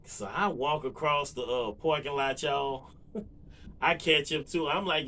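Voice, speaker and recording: Man, casual storyteller; bright, lively delivery full of fillers. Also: fairly high pitch, measured pace, slight background noise. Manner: relaxed, rambling, lots of fillers and asides to viewers. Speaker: vlogger.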